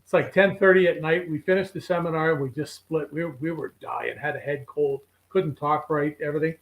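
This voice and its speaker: Man, older, high voice, casual storyteller, acts out the people in his stories. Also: steady tone, a little fast, rough recording. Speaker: regular guest on a fishing show.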